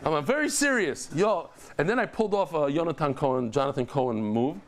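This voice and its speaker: A middle-aged man teaching a daily Talmud class, animated, telling stories with lively joking asides. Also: fairly high pitch, fast.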